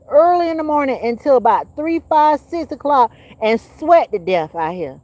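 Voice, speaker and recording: A woman hosting a livestream, giving her viewers a blunt, preachy and profane rant that swings between loud and hushed. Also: high-pitched, expressive, normal speed, few pauses, dry recording. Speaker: livestream host.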